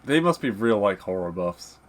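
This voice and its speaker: A man with a fairly low voice chats on a casual podcast. He talks in a relaxed, easygoing way, laughs often and drops the odd swear word. The chat sounds unscripted. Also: normal speed. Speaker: podcast co-host.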